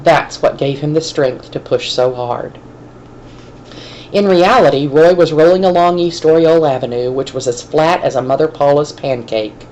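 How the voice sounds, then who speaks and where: A woman teacher reading a chapter aloud to her class, her voice low and steady. The pacing is measured, with a faint hiss underneath. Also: dull audio. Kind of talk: classroom read-aloud of a novel.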